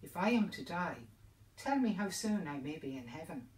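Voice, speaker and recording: A woman's voice: on the low side, big pitch swings, moderate pace, darkish tone. A woman storyteller voicing a proud, learned male priest who grows desperate, talking in pleading, panicky bursts. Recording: roomy sound from a distant mic.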